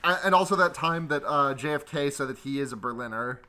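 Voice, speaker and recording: A man's voice: medium pitch, fairly quick, bright, forceful tone. A man co-hosting a casual film chat, joking and rambling with many restarts.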